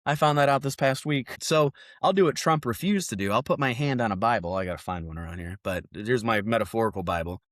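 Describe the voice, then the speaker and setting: A man who is a political candidate, telling stories in casual podcast chat, animated and profane, acting out what people said. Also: medium pitch, quick pace, few pauses, no echo, studio quality.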